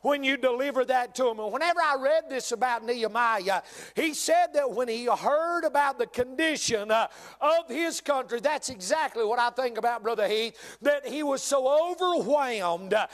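Southern preacher guy from north carolina, real high voice, repeats stuff for emphasis. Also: animated, moderate pace, fairly bright tone. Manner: preacherly, repeats lines for emphasis, addresses congregation directly. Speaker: pastor. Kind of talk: sermon.

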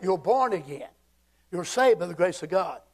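Folksy Southern preacher man, high voice. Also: moderate pace. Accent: Southern American. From Southern United States. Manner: folksy, animated, swings between shouting and hushed asides. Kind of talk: fiery church sermon. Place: church sanctuary.

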